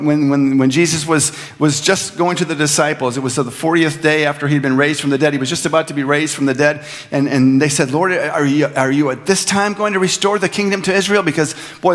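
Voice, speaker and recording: Earnest preaching pastor in a reverberant church. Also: male voice, fairly high pitch, fairly bright tone. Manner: earnest preaching, builds to emphatic repeated lines. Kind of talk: sermon. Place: church sanctuary. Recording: long hall reverb.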